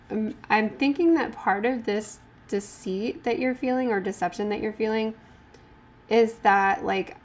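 A woman giving a casual tarot card reading, mixing gentle talk full of fillers and restarts with passages read from the cards. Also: mid-range voice.

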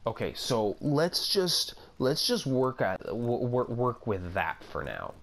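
Slow-talking young man narrating his gameplay. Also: mid-range voice, very animated, a bit bright. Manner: rambling, self-talking, easily amazed. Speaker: gaming video creator. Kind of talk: casual gameplay commentary.

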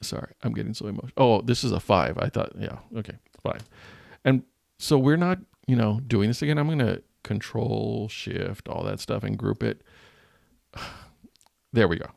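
Thinking out loud as he jokes at his own expense, this teacher and channel host walks through a design tutorial recorded from his screen. His voice is fairly low, gravelly, and a bit mellow, expressive at a moderate pace, recorded dry with clean studio sound.

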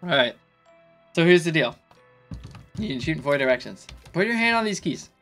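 A slightly drunk man giving casual let's play commentary, excitable and swearing in sudden panicky outbursts. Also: a little high, moderate pace, faint music behind. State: tipsy. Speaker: gaming YouTuber.

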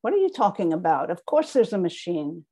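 A woman's voice: lowish voice, very animated, fairly quick, mellow, breathy edge, heavily acted. A woman reading the lines of a confused elderly father who insists, agitated, that he must go back to the city.

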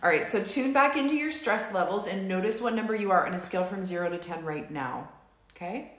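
A woman coaching a live tapping session, saying slow, repeated affirmations for viewers to echo. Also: medium pitch, fairly bright tone. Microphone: live stream recording.

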